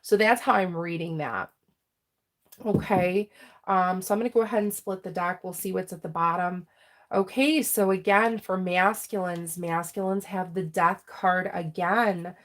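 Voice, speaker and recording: A woman's voice: lowish voice, fairly even intonation, measured pace, a bit bright. A woman giving a casual tarot reading to her viewers. She talks in a chatty way with lots of fillers, keeps checking in with "right?" and "okay?", and laughs often. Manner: laughs often and gets emotional while reading. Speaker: tarot reader.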